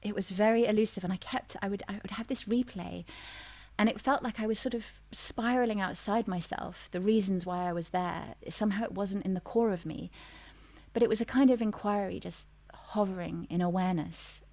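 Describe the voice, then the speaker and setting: A woman's voice: medium pitch, darkish tone, dry recording. Reflective woman telling her story. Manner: reflective and searching, with many pauses and restarts. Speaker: guest. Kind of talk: personal storytelling in a radio interview.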